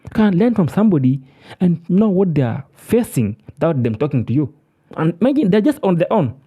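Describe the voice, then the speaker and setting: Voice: mid-range voice, big pitch swings, a little fast, dark tone, slightly rough. A speaker from Africa, delivering an impassioned, preachy monologue and repeating words for emphasis. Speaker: commentator.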